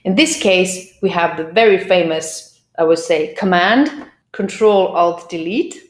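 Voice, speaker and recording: A woman teaching English pronunciation, explaining clearly and drilling words by repeating them. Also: on the low side, measured pace. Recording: roomy echo.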